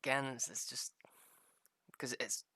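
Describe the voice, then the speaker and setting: A man's voice: mid-range voice, fairly even intonation, unhurried, pushed and bright, breathy edge, no room sound. Rambling, foul-mouthed young gamer guy. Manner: rambling, swears freely, laughs at own stories. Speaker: gaming streamer. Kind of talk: casual gameplay chat.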